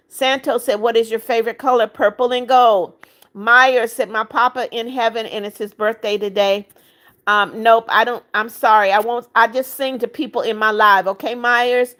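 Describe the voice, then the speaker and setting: A woman's voice: fairly high pitch, fairly bright tone. Chatty woman hosting a livestream. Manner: brisk, chatty, repeats greetings, pleads for likes. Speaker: livestream host reading viewer comments. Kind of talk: casual live chat.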